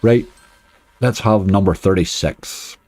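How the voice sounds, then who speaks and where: A man's voice: low voice, slow pace, a little mellow, no echo, soft background music. A man with a Northern Irish accent giving chatty live-stream commentary on casino games, talking to his chat and groaning at near misses. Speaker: slots streamer.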